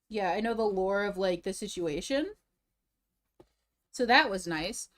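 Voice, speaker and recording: A woman's voice: medium pitch, lively intonation, unhurried, pauses often. A young woman live-streaming, chatting casually and rambling, out of breath after eating. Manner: rambling, restarts sentences, chatty.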